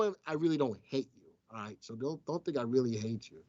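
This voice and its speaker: A man's voice: mid-range voice, quick pace, a little mellow, no echo, highs cut off. A man hosting a casual live stock-market show, teasing his viewers and crew as he talks. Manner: playful, teasing banter with chat. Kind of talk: casual live-stream commentary.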